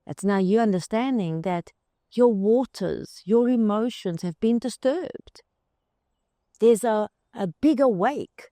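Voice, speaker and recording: A woman's voice: mid-range voice, animated, slow pace, warm tone, no echo. A woman hosting a motivational spiritual talk, speaking straight to the listener and repeating words in long emphatic strings. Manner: addresses the listener directly as "you". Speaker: host.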